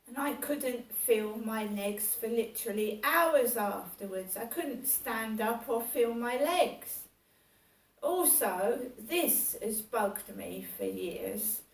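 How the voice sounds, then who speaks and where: A woman venting about how she has been mistreated, repeating herself with a steady grievance. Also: a little high, slow pace. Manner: aggrieved, repetitive, venting. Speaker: vlogger. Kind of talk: personal monologue. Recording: echoey room, far from mic.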